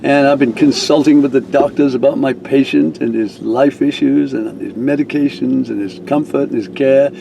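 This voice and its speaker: A man's voice: medium pitch, moderate pace, vocal fry, hardly any pauses, noisy background. An older man, a reverend, telling a rambling personal story with chuckles and restarts. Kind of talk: casual storytelling.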